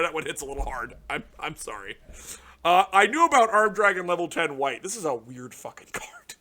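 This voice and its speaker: A man with a slightly high voice, talking at a normal speed, runs his card game channel and reacts to new cards. His casual commentary is heavily profane, shifting from mutters to excited shouts.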